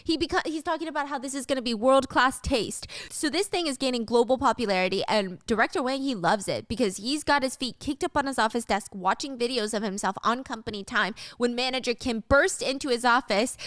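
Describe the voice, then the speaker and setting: A woman recapping a drama in casual, animated storytelling with slang. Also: fairly high pitch, brisk, few pauses, no echo, clean studio sound. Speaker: recap host.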